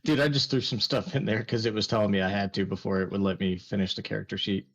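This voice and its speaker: A man player in a tabletop game, talking in a quick, offhand way. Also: on the low side, fairly even intonation, slightly rough, muffled recording. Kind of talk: casual chat.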